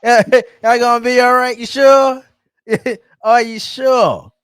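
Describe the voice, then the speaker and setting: A man's voice: very high voice, steady tone, takes it slowly, a bit bright, clean tone, no room sound. A man co-hosting a sports podcast, mocking rival fans and laughing through his lines in casual banter. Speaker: podcast co-host.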